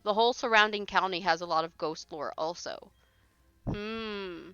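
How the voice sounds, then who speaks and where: A woman's voice: medium pitch, moderate pace, a bit bright, clear, resonant tone, no room sound, lo-fi sound. A woman streaming live, chatting casually and reading out viewer comments, blunt and easily exasperated, swearing now and then. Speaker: streamer reading paranormal posts.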